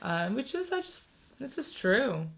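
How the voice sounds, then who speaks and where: Speaking in a fairly high, sing-song voice with some creak, this thirtysomething American vlogger takes her time in casual chat. She laughs frequently as she moves from one thought to the next.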